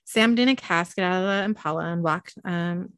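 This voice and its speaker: A woman's voice: fairly low pitch, moderate pace, a bit bright, dry recording. A young woman hosting a podcast, casually reading an episode recap aloud with frequent ums. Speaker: podcast host.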